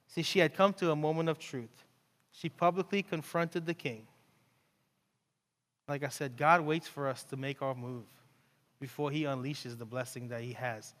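Animated male preacher in a reverberant hall. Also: fairly high pitch, normal speed, long pauses. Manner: animated, conversational storytelling with asides. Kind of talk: sermon.

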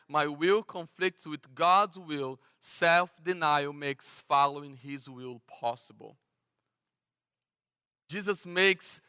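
A man from Brazil with a Brazilian Portuguese accent, preaching a sermon as pastor in a conversational, animated way with frequent restarts. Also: a little high, clean tone. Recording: long hall reverb.

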